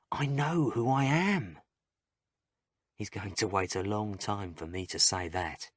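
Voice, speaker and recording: A man reads a first-person story for English learners at a slow, even pace. His short sentences are plain and carefully spaced. The sound is dry and close, with no room echo. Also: deep voice. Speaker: story narrator. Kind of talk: graded reader story narration for English learners.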